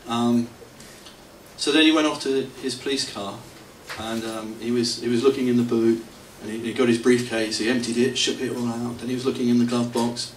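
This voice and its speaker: A man's voice: mid-range voice, flat delivery, moderate pace, slight background noise. Middle-aged man, rambling chuckling storyteller, distant mic, roomy hall. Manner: chuckling, rambling, self-mocking. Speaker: devotee telling stories at a temple anniversary. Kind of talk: anecdotal storytelling to an audience. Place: temple hall.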